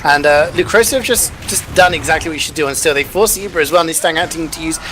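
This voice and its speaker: A man's voice: fairly high pitch, fast. Chatty man breaking down the match. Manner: chatty, jokey, lots of "you know". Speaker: esports caster. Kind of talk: analytical color commentary.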